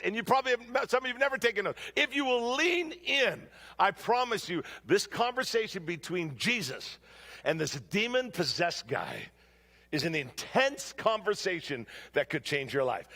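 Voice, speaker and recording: Middle-aged male preacher, high voice with a gravelly edge, lively storytelling sermon. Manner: animated storytelling, humorous asides. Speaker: guest preacher. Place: church sanctuary.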